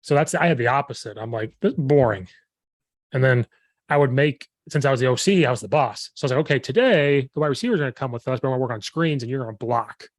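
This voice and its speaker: A man hosting a podcast as a football coach, telling stories with lively acted-out quotes. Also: medium pitch, rapid-fire, dry recording. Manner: animated storytelling, acting out quoted players and himself. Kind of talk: casual chat.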